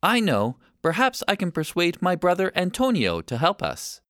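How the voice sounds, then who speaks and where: A man's voice: sits high, huge pitch swings, normal speed, a bit bright, no echo, clean studio sound, voice pushed up, full character voice. A man voicing an earnest little boy pleading with his older brother in a storybook.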